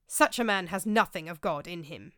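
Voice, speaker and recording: A woman's voice: on the low side, lively intonation, normal speed, fairly bright tone, no room sound, studio quality. A woman voicing a pious, indignant medieval monk who speaks in a self-righteous, emphatic way.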